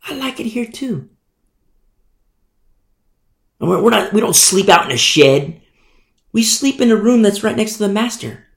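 A man's voice: sits high, expressive, moderate pace, gravelly, fairly bright tone. A man preaching a Bible teaching in a conversational way, acting out little scenes as he goes. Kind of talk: sermon. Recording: echoey room.

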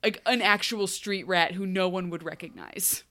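Animated woman chatting on a podcast. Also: lowish voice. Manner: animated, laughs often, acts out characters in quick asides. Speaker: podcast co-host. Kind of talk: casual chat recapping a TV show.

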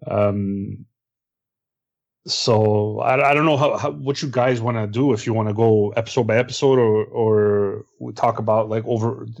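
A man's voice: on the low side, steady tone, normal speed, creaky, a little mellow. A man talks casually, stopping and restarting and repeating words while he thinks. His voice comes through a dull, lo-fi recording. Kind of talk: casual discussion.

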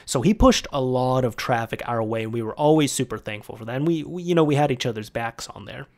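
Young man, casual storytime, rambling and conversational, mid-pitched voice. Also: fast talker, a little mellow. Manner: rambling, conversational with fillers and restarts.

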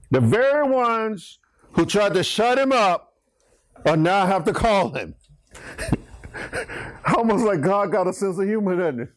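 Emphatic, high, lively-voiced preacher man. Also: slow, long pauses. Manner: emphatic, rising to shouts on key words; bantering with the congregation. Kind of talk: sermon.

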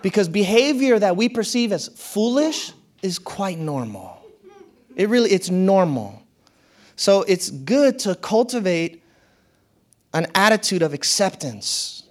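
In a motivational talk, a man addresses his audience conversationally and with frequent laughter. He takes his time, sinking to low murmurs before climbing to excited peaks.

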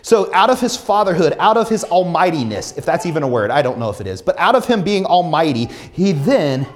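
Lively, conversational male pastor preaching. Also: a little high, a little fast. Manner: conversational, addresses the congregation directly. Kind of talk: sermon.

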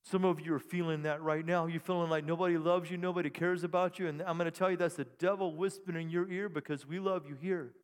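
A high-voiced male pastor preaches to his congregation, swinging from soft asides to loud, excited bursts. His voice rings out with a long reverb through the church hall. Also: fast talker, few pauses, clear, resonant tone. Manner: animated preaching with bursts of shouting. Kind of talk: sermon. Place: church sanctuary.

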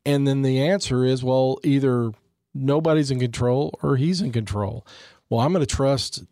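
A man's voice: mid-range voice, moderate pace, dark tone, dry recording. A man in his forties, earnest and reflective, talking about faith in a conversation and often repeating words as he starts.

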